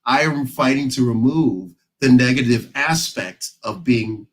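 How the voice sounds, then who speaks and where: Sitting on a discussion panel, an American man talks in a casual, emphatic way and uses stories to drive his points home. His mid-range voice is animated and unhurried, and the recording is rough.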